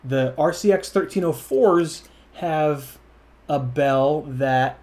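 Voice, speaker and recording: A man's voice: on the high side, takes it slowly, darkish tone. A man hosting a drone channel, reviewing gear casually at a workbench, rambling and correcting himself, with a bit of swearing. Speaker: FPV drone channel host.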